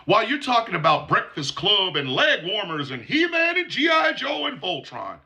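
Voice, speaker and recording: A man in his forties or fifties delivers a blunt, profane monologue in a sarcastic tone. His voice is bright and forceful, with wide swings in pitch. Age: 40s to 50s. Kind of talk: commentary monologue.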